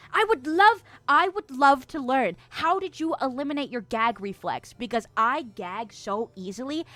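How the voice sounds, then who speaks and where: A woman's voice: a little high, bright, forceful tone. A woman streamer in casual chat, reading chat messages aloud with lots of laughter and self-mocking jokes.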